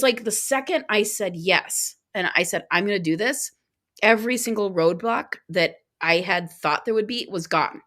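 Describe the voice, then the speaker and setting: Animated woman telling a travel story. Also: medium pitch. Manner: animated, acts out quoted dialogue; talks in quick bursts with restarts. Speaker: podcast guest. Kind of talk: casual storytelling in an interview.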